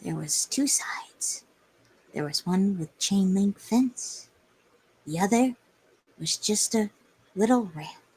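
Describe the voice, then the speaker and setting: A woman's voice: medium pitch, animated, takes it slowly, long pauses, darkish tone, husky. A young woman telling a story on a livestream in a rambling, hesitant way with many fillers. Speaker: streamer.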